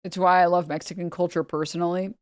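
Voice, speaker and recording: A woman from New York, a streamer reacting to clips in casual commentary, emphatic and repetitive, swinging loud for effect. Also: lowish voice, little pitch movement, fast, dry recording, studio quality.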